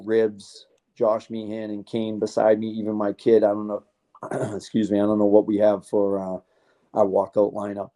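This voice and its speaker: Man, fighter in an interview, very dark mellow tone, lowish voice, rambling, heartfelt, casual swearing.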